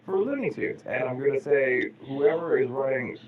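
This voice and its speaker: Rambling man over loud crowd noise. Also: mid-range voice, expressive, normal speed, muffled recording. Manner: rambling, jokey tangents. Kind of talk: casual chat.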